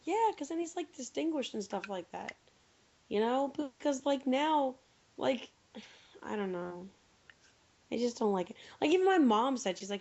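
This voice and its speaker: A woman's voice: fairly high pitch, lively intonation, moderate pace, warm tone. A young woman co-hosting a podcast, chatting and joking with a lot of "like". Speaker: podcast co-host. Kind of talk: casual chat. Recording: dull lo-fi podcast audio.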